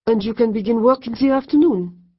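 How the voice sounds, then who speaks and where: Haughty French woman in her late fifties, put on by a woman narrator, French accent, imperious, breathy tone. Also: on the high side, fairly quick, highs cut off, pitched above the performer's own voice, natural voice. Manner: haughty, blunt, unimpressed.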